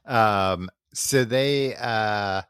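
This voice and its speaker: Young guy podcast co-host, lower pitch, dry studio sound, casual storyteller who slips into quick character voices. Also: a bit bright, clean tone, dry recording. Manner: rambling, acts out characters in throwaway voices. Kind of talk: casual chat, recapping a book.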